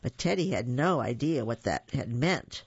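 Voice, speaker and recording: A storyteller reading a children's picture book aloud, animated and warm, with small slips. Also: mid-range voice, normal speed, gravelly, husky, lo-fi sound. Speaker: storybook reader.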